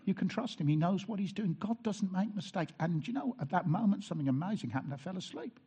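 A man's voice: sits high, lively intonation, fast talker, mellow, slightly rough, lo-fi sound. A man, a pastor preaching a sermon and telling personal stories in an earnest way, with wry asides and frequent restarts.

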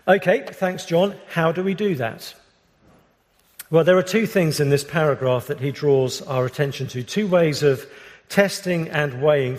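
British man, pastor delivering a sermon, fairly high voice, earnest measured pace, long hall reverb. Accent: British English. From Britain. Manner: earnest, measured preaching with frequent restarts.

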